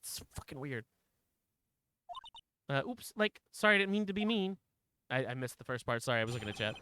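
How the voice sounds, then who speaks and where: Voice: medium pitch, sing-song, fairly quick, bright, forceful tone, slight background noise. A streamer reading a courtroom game aloud live, casual and loose, swearing and breaking off to react.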